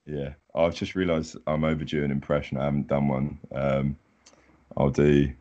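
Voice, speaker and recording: A man with a strikingly low voice, a guest on a casual podcast. He chats in an easygoing, self-deprecating way. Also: flat delivery, normal speed, warm tone, muffled recording. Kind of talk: casual chat.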